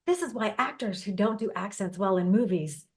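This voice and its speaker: A woman hosting a podcast interview, chatty and quick to agree and add her own examples. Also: medium pitch, animated, a little mellow, slight background noise. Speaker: podcast host. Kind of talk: conversational interview.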